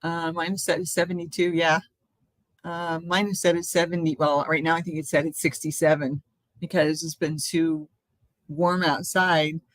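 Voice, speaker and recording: A woman's voice: low-pitched, little pitch movement, normal speed, dry recording. An older woman hosting a casual live stream, chatting in a rambling way from home and laughing often.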